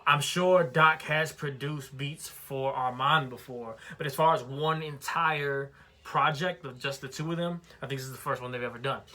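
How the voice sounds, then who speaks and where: Bright-voiced man casually reviewing an album. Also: on the high side. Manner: conversational, loose, with many fillers and restarts.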